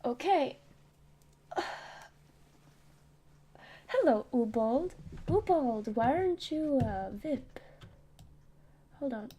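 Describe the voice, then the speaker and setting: A woman streamer talking in a soft, rambling way, breaking into giggly asides while she explains a story to her chat. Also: sits high, animated, very slow, pauses often, a little hiss or hum. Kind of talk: casual live-stream commentary. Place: own room.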